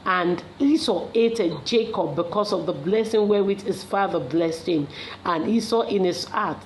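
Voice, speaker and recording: A woman reading scripture aloud in a measured, careful way, now and then slipping and correcting herself. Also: fairly low pitch, a little hiss or hum, rough recording. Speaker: Bible reader.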